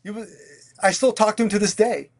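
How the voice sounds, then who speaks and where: A restaurant owner from Pennsylvania talks through his story as a podcast guest. His voice sits a little high for a man. He is animated and blunt, swears casually, and trips over and repeats his words as he goes. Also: brisk. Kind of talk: candid conversational storytelling.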